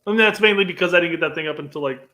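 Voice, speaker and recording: A man's voice: fairly high pitch, rapid-fire, pushed and bright. Laid-back man chiming in on a soccer podcast. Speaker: podcast co-host. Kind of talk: casual chat.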